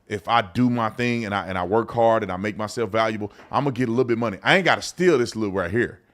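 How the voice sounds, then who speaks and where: A man, the host of a live show, telling a story in a casual, animated way and acting out the other people in it. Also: fairly low pitch, quick pace. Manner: animated storyteller, acts out both sides of a phone call. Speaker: show host and business owner.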